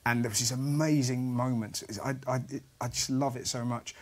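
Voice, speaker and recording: A man's voice: mid-range voice, steady tone, normal speed, a little mellow. A man casually telling anecdotes on a comedy podcast, chatty and laughing through his stories.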